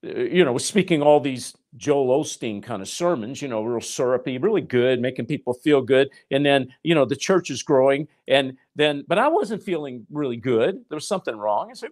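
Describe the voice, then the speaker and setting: A man's voice: medium pitch, expressive, brisk, hardly any pauses, a little mellow. A middle-aged man preaching a sermon, telling a personal story and acting out his dialogue with God, addressing listeners as folks. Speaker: pastor.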